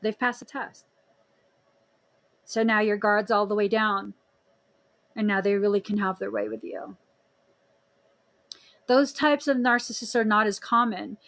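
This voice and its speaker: A young woman hosting a podcast in casual chat, expressive, with frequent laughs and exclaimed reactions. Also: medium pitch, moderate pace, gravelly, long pauses. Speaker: podcast host.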